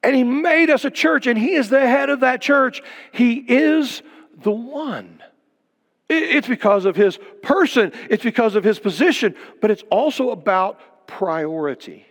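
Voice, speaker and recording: An older male pastor preaching with a fairly high voice, asking question after question and then sinking to a near-whisper for emphasis. His sermon rings out with a long reverb, as if recorded in a church sanctuary. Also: expressive, unhurried. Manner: emphatic preaching with rhetorical questions and sudden drops to a hush.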